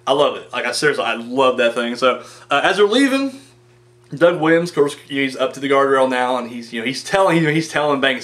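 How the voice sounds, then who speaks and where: A man's voice: mid-range voice, big pitch swings, fast, fairly bright tone. A man casually reviewing a wrestling show, rambling and enthusiastic, swearing freely and acting out the wrestlers' lines in mock voices. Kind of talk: casual video review commentary.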